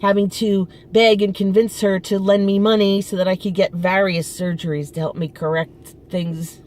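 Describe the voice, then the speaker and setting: Standing outdoors in front of her apartment, a middle-aged vlogger vents casually with frustration and emphasis, often starting sentences over. Her voice is medium-pitched, flat, and darkish at a moderate pace, with slight background noise.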